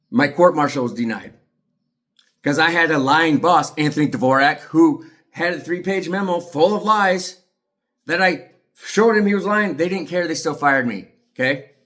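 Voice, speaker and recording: A man's voice: fairly high pitch, a bit bright. A middle-aged man giving an agitated, profane monologue to the camera as an aggrieved father. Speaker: aggrieved father telling his story.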